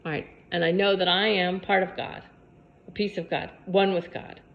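A woman's voice: on the low side, flat delivery, moderate pace, gravelly. Woman, spiritual vlog talk, repeats herself for emphasis, preachy, muffled lo-fi sound. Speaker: yoga and spiritual vlogger. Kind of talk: spiritual pep talk to camera.

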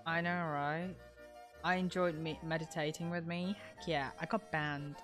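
A woman's voice: deep voice, fairly even intonation, normal speed, faint music behind. A woman streamer chatting casually with her viewers, laid-back and swearing freely.

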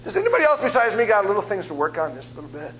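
Give me a joking man in his fifties preaching a lively sermon in a somewhat high voice. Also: very fast, rough recording. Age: 50s. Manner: joking, animated, self-deprecating. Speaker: guest preacher. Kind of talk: humorous sermon storytelling. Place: church sanctuary.

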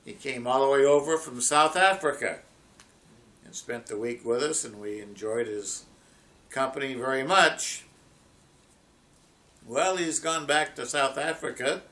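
Slow, deliberate male preacher. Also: mid-range voice, bright, forceful tone. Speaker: pastor. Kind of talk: sermon with storytelling.

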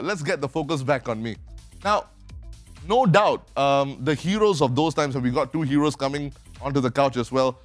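A man with a Singaporean accent hosting a live web talk show, upbeat and salesy as he urges viewers to share. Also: medium pitch.

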